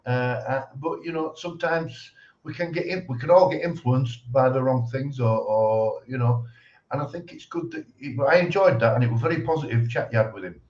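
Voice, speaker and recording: A man's voice: medium pitch, fairly quick, darkish tone. A man chatting casually on a live stream, hesitant and full of fillers. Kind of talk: casual chat. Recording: roomy lo-fi audio.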